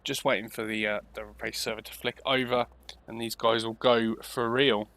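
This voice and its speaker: A man casually commentating on a sim race, chatty and quick to laugh at himself. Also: mid-range voice, little pitch movement, vocal fry, fairly bright tone, a little hiss or hum. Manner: chatty, laughs often, self-deprecating. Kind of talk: casual live commentary banter.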